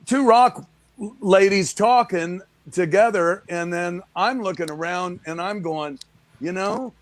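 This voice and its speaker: A man, a guest musician, telling lively anecdotes in a casual chat. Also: sits high, slow, no echo. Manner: animated anecdote-teller, lively asides.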